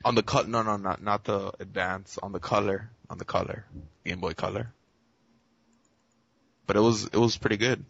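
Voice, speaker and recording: A man's voice: lowish voice, steady tone, moderate pace, creaky, pauses often, a bit bright, slightly rough, dry recording, muffled recording. A young man in casual chat with friends, laid-back and a little unsure.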